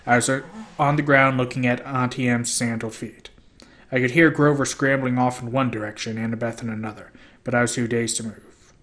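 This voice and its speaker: A man's voice: mid-range voice, fairly quick. A man narrating a novel aloud as an amateur audiobook reader. He tells it steadily in first person, with a mid-range voice and the odd slip. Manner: steady first-person storytelling with small slips.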